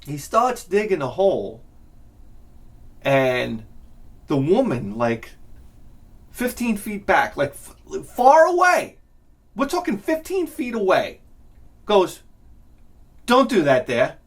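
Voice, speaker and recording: Middle-aged man, exasperated storytelling rant, swearing, lively swooping pitch. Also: takes it slowly, pauses often. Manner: profane, exasperated, animated ranting. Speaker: vlog host. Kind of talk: ranting comedic storytelling.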